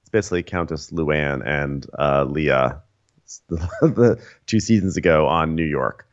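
A man's voice: extremely low pitch, measured pace, lo-fi sound. A man co-hosting a podcast, telling a reality show story in a wry, rambling way with many fillers. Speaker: podcast co-host. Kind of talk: casual recap chat.

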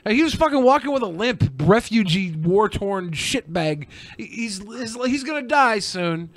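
A man's voice: sits high, a little slow, no room sound. A man co-hosting a podcast, telling a crude, profane story in a casual chat. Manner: profane, animated, mimics others' voices. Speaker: podcast co-host.

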